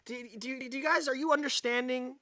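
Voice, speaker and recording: A man's voice: very high voice, bright, forceful tone, no echo. Sarcastic, exasperated man on a livestream. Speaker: livestream host. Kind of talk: ranting live commentary, reading an article aloud.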